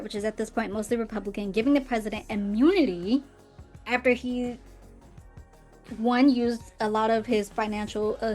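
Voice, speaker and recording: A woman hosting her own podcast, reading quotes aloud and answering them with sarcastic, emphatic commentary and laughs. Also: fairly high pitch. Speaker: podcast host.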